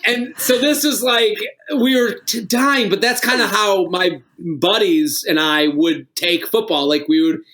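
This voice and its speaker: A man's voice: high-pitched, unhurried, few pauses, a bit bright, slight background noise. A middle-aged man, a comedian guest on a podcast, telling rambling stories with frequent laughs and swearing. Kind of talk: casual podcast storytelling.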